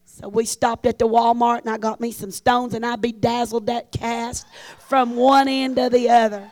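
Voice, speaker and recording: Folksy woman preacher, high voice. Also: little pitch movement, moderate pace, a little mellow, no room sound. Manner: folksy storytelling, acts out quoted voices. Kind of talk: sermon testimony.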